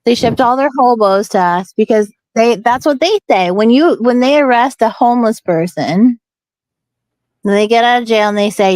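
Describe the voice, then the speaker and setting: A woman's voice: a little high, normal speed, darkish tone, no echo. A middle-aged woman from Portland hosting a casual chat, blunt and profane, laughing often. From Portland, USA. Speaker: host.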